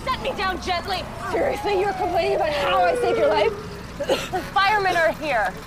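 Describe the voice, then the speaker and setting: An actress playing a sharp-tongued woman scoffing after being rescued, sarcastic and clipped, in a TV clip under loud music. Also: very high-pitched, expressive, moderate pace, a loud crowd.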